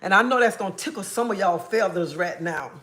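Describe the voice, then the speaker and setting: A blunt, sassy woman talks straight to her viewers on a casual live stream. Her voice is bright and pointed, sitting at a middle pitch. She keeps calling people honey and baby and tags her points with "okay?". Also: animated, fairly quick. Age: adult, a mother. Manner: repeats "okay?" after points. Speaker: livestreamer.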